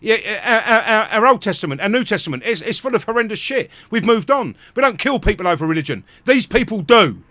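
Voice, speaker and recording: A man hosting a live stream, ranting angrily with heavy swearing and bursts of shouting. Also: high-pitched, very animated, quick pace, few pauses, dry recording. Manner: angry, profane, shouting in bursts. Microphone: close mic at home.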